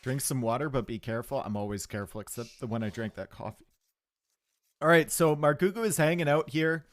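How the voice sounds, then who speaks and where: A man commentates a strategy game live on stream, chatting easily and joking with his viewers. His voice sits at an ordinary middle pitch. The sound is close and dry, with no room around it. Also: a little fast, dry recording. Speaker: esports caster.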